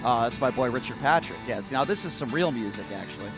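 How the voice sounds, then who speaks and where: A man's voice: medium pitch, lively intonation, fast, music in the background. A male talk show host delivering an indignant, mocking rant, repeating his points over and over. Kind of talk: opinionated talk radio rant.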